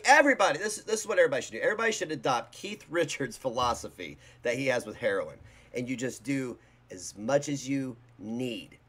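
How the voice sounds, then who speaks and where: A man's voice: mid-range voice, a bit bright. A man hosting a reaction video, giving casual commentary in a rambling, blunt and mocking way.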